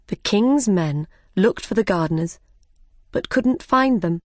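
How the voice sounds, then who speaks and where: Woman reading an easy story, really slow and clear, dry close sound. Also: medium pitch, no room sound. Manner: clear, deliberate. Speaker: narrator. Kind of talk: slow graded-reader story narration.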